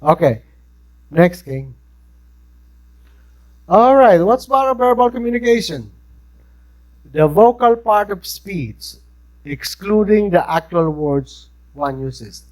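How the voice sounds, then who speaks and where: A man's voice: high-pitched, animated, slow pace, pauses often, low-quality recording. A man with a Filipino accent, lecturing a class in a conversational way and often checking in with his listeners. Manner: conversational, keeps checking in with "right?". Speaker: instructor.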